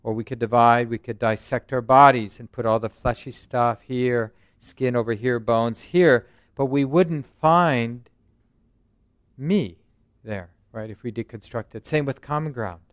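A man who teaches meditation, giving a relaxed, conversational dharma talk and often checking in with "right?" and "you know". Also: mid-range voice, unhurried, dry recording. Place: meditation center.

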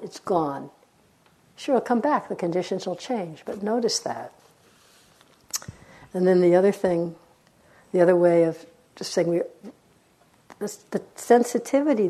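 A woman meditation teacher giving a dharma talk in a gentle, unhurried way, with reflective pauses. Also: fairly low pitch, breathy edge.

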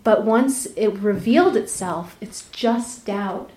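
A woman meditation teacher giving a dharma talk, telling a personal story candidly, laughing often and dropping to soft, near-whispered asides. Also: medium pitch, slow pace, echoey room, a little hiss or hum. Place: retreat center meditation hall.

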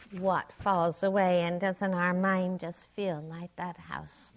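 A woman meditation teacher gives a dharma talk in a gentle, reflective way. She speaks unhurriedly, pausing often between phrases. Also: lowish voice, little pitch movement, vocal fry.

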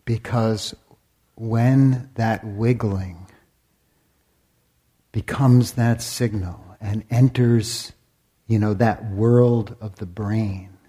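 A man giving a dharma talk as a meditation teacher. He speaks deliberately, sometimes drops to a whisper, and asks the listeners many rhetorical questions. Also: fairly low pitch, fairly even intonation, mellow, slightly rough. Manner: deliberate, with long pauses, sometimes dropping to a whisper.

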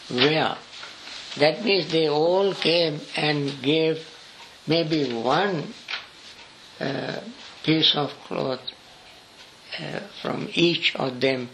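An older man, a monk teaching a scripture study class with slow, halting explanations and spelled-out words. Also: a little high, background noise.

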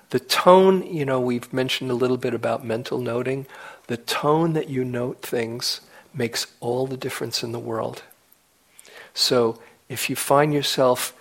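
Slow, gentle male meditation teacher. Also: medium pitch, creaky, rough recording. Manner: gentle, unhurried, with soft whispered asides. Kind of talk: dharma talk. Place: meditation retreat hall.

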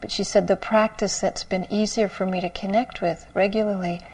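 A woman meditation teacher giving a dharma talk, telling a student's story in a soft, slow way and often dropping to a whisper. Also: medium pitch, fairly even intonation, low-quality recording.

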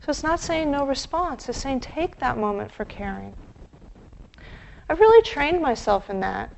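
A woman meditation teacher giving a dharma talk, gentle and reflective, with pauses. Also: high voice, very animated, gravelly, slight background noise, low-quality recording.

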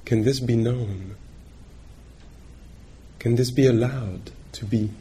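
A male meditation teacher giving a dharma talk on retreat, gentle and reflective, pausing often as he searches for words. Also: medium pitch. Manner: halting, searching for words with many pauses.

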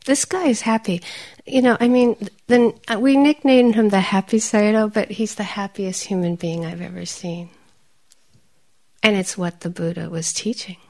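This is a woman giving a meditation talk in a storyteller's way. She grows animated and laughs often. At times she softens to a quiet, breathy near-whisper. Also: medium pitch, moderate pace. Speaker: meditation teacher. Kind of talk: dharma talk.

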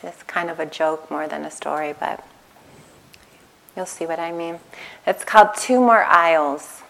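Woman, meditation teacher, dharma talk, gentle storytelling, slightly low voice. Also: unhurried, gravelly, poor audio. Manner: gentle, storytelling, soft-spoken. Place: retreat center meditation hall.

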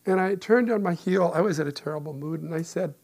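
A man in his sixties, a meditation teacher and therapist, giving a calm, reflective dharma talk with gentle humor. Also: a little high, quick pace.

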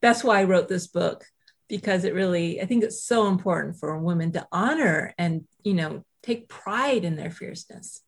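A middle-aged woman, a guest author, telling a personal story in animated, self-deprecating conversation, acting out quotes. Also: fairly low pitch, moderate pace, vocal fry, slightly rough.

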